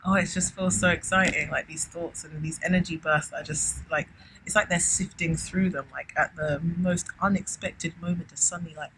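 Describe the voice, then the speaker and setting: A woman giving a casual spiritual tarot reading, effusive and chatty, often exclaiming and filling pauses. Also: on the low side, steady tone, rough recording. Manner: effusive, keeps exclaiming wow, chatty with many fillers. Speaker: tarot reader. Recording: loud background noise with clicks.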